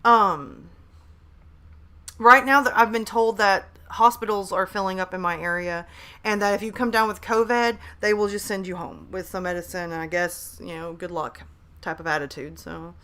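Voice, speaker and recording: A bright-voiced woman in her thirties talks into a desk mic at her laptop during a home live stream. She is hyper and chatty, greeting viewers and reading their messages aloud. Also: mid-range voice, steady tone, moderate pace. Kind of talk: casual live stream chat. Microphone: desk microphone at a laptop.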